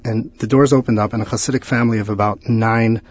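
A man, a rabbi guest on a radio show, giving earnest advice and telling stories with animated retellings. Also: fairly low pitch, fast talker, highs cut off. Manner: animated storyteller, preachy exhortations.

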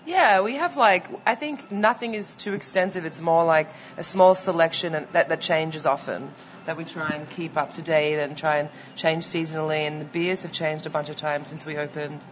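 A woman with a mild Melbourne Australian accent, a restaurant owner and chef explaining food in a relaxed way, with plenty of fillers. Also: low voice, normal speed. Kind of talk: casual interview answers. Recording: muffled recording, faint background noise.

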